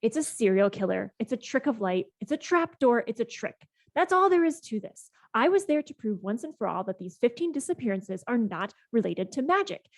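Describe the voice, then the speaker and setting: A woman's voice: on the high side, expressive, measured pace, no echo, studio quality. A woman voicing a huffy, defensive male debunker in a bathrobe during a tabletop game.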